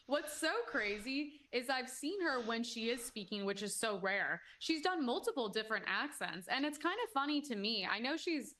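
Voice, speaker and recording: A woman commentator speaks in a bright, tense voice that sits a little on the high side. She talks emphatically and with open indignation, circling back and restarting mid-sentence. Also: expressive, normal speed, hardly any pauses. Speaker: commentator guest. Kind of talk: opinionated commentary chat.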